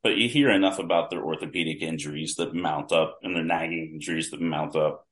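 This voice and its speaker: A man with an extremely low voice speaks fairly quickly and with fairly even intonation as a podcast guest. He's a longtime wrestling fan sharing vivid, detailed anecdotes in a casual style, often starting his sentences over.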